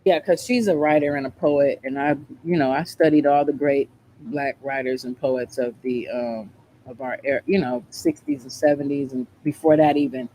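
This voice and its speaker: A man hosting a reaction show, talking in a relaxed, slangy, conversational way. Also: medium pitch, normal speed, a little hiss or hum. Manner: laid-back, conversational, slangy. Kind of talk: casual commentary.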